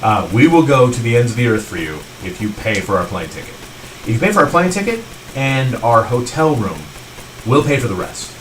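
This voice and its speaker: A man's voice: mid-range voice, very animated, moderate pace, distant mic, a little hiss or hum, low-quality recording. A man co-hosting a podcast in casual chat, explaining at length and often agreeing with "right". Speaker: podcast co-host.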